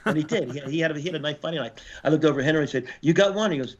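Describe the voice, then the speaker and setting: A man in his sixties, a former Marine and podcast guest, telling war stories in a casual, profane way and shouting out reenacted orders. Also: on the high side, quick pace, breathy edge. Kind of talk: casual storytelling interview. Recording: slightly dull podcast audio.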